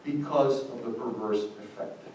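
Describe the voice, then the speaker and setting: A man's voice: medium pitch, measured pace, darkish tone. An older man from Cuba with a Cuban accent, speaking emphatically as a seminar panelist and switching into Spanish as he speaks. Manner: passionate and emphatic, switches into Spanish, voices quoted people. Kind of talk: impassioned public talk. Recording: echoey hall, distant mic, faint ambience.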